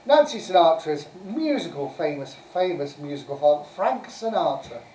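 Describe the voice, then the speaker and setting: A woman's voice: sits low, sing-song, normal speed, warm tone, slight background noise. Chatty woman hosting a live quiz, roomy and distant. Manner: chatty, giggly, reads answers and scores aloud. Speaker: quiz host. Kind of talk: casual live-stream pub quiz. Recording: roomy sound from a distant mic.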